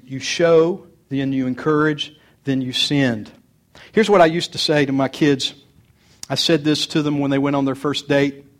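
An older man, a pastor, preaching a sermon to parents in an earnest, folksy way, mixing homespun stories from his own family with plain advice. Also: medium pitch.

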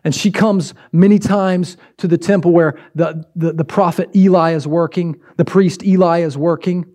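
A man's voice: on the high side, steady tone, normal speed, few pauses, darkish tone. A pastor preaching a sermon, exhorting with repeated emphatic phrases and shifting his pace for effect.

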